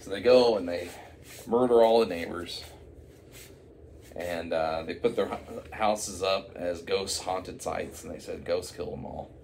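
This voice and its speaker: A man's voice: sits low, a little slow, creaky, darkish tone, a little hiss or hum. A man improvising a silly story, rambling with many fillers and asides.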